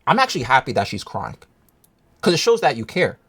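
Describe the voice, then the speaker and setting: A man's voice: mid-range voice, big pitch swings, brisk, a bit bright, breathy edge. An emotional, upset man telling a personal story to his viewers in a casual, rambling, agitated way. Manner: agitated, rambling, restarts often.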